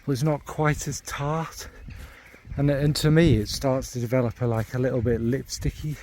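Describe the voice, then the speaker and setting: A man with a Northern English accent talks in an easygoing, meandering way, groping for the right words as he goes. His voice is warm and mellow at a middle pitch, with a faint hiss of noise under it. He is blunt and drops the odd swear word. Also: fairly even intonation, moderate pace. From Northern England. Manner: meandering, searching for descriptive words. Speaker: fragrance reviewer. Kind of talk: casual spoken review.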